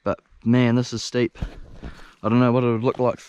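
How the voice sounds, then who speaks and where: New Zealand man, young adult, excitable, swears freely, outdoors on a steep hillside, action camera, mid-pitched voice. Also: normal speed, clear, resonant tone, no room sound. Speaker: hunter filming himself. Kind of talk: casual self-filmed commentary.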